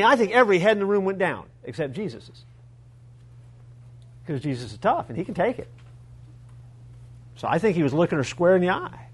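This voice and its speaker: Preaching in a high-pitched, husky voice, a male pastor retells a story with animation and makes humorous asides to his congregation.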